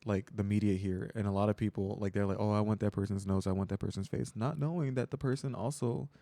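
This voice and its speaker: Guy guest chatting, low mellow voice, lots of likes and ums. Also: fast, creaky, no echo. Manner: relaxed, hesitant, full of likes and ums. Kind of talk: casual chat.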